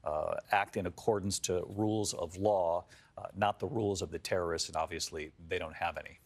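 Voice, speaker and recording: A male news anchor giving measured live commentary, summarizing events. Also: low voice, steady tone.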